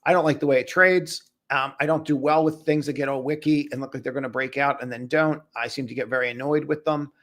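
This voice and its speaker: A man's voice: mid-range voice, steady tone, fairly quick, few pauses, a bit bright. A man hosting a live trading stream, talking loosely and casually to viewers, calling them brother and buddy.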